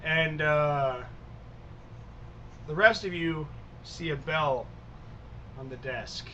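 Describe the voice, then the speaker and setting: A man runs a tabletop game as storyteller, talking in an easygoing, halting way full of fillers. His voice sits high and sounds bright and forward. Faint noise hums under the recording. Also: highs cut off. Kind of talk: tabletop role-play session, casual.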